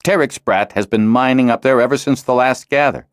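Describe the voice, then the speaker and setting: A man's voice: medium pitch, brisk, clean tone, dry recording, clean studio sound, pitched above the performer's own voice, close to an everyday voice. A man reading an audiobook, voicing an irritable, suspicious older man who snaps and hisses his lines. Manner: snapping, hissing, incredulous. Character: older male fence, angry and suspicious. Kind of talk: audiobook character voice.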